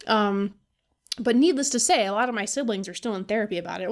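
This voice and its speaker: A woman's voice: mid-range voice, fast talker. A woman hosting a podcast, talking casually and venting with a lot of swearing and laughter. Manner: profane, venting, animated with laughs. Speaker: podcast host. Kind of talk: casual monologue.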